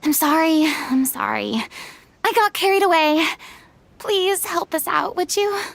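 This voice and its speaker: A woman voicing a theatrical young former goddess in a video game, showy and dramatic, quick to bluster and then apologize. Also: extremely high pitch, animated, vocal fry, no echo, exaggerated voice. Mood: sheepish.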